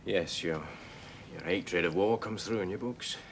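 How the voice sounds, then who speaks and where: An actor playing a guarded wartime escaper who asks quick, politely probing questions. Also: male voice, deep voice, creaky, slight background noise.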